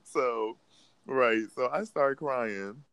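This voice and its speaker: A young man telling a funny story in casual chat, animated and slangy, often breaking into laughter. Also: medium pitch, very slow, creaky, clean tone, no echo. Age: young adult.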